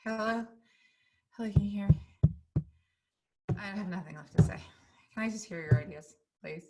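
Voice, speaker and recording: A woman's voice: medium pitch, unhurried, music in the background, natural voice. A woman acting out a frazzled, worn-out woman stuck in endless video meetings, talking in a flustered, pleading way. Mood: exhausted.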